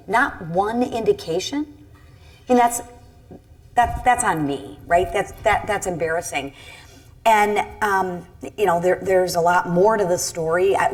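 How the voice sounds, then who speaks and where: A middle-aged congresswoman from Michigan tells a personal story on a panel in a fairly low voice. She comes across as earnest and candid, even critical of herself.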